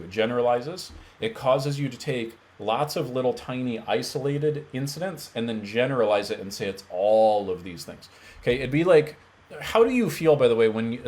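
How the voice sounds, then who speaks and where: Blunt, emphatic male coach. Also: mid-range voice. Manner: blunt, emphatic, addresses viewers as "guys". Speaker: mental health coach. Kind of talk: direct-to-camera coaching talk.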